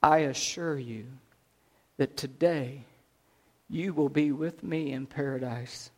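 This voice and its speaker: A man voicing Jesus as a calm, suffering, dying man in a retold scripture scene. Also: on the high side. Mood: gentle. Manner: quiet, slow, then a loud anguished cry.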